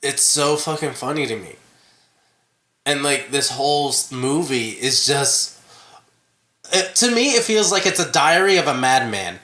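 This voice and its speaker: A man's voice: medium pitch, animated, measured pace, pauses often, sharp tone. A man co-hosting a podcast, chatting casually and joking with lots of filler words. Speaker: podcast co-host. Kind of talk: casual chat. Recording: echoey room.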